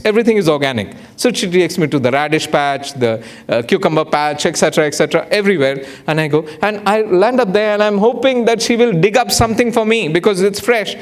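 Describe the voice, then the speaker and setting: A man addresses an audience in a lecture hall. His voice sits a bit higher than most men's, and he tells his anecdotes with animated swings in pitch, slipping into the voices of the people in them. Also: fast, hardly any pauses. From India. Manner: animated storyteller, acts out dialogue with big pitch jumps. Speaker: guest lecturer.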